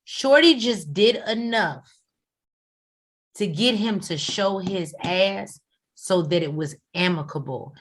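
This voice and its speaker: A woman's voice: medium pitch, lively intonation, slow pace. Woman in her 40s, blunt and sweary, chatting about a reality show, cohost energy. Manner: blunt and profane. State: tired, coughing. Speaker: co-host. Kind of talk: casual chat.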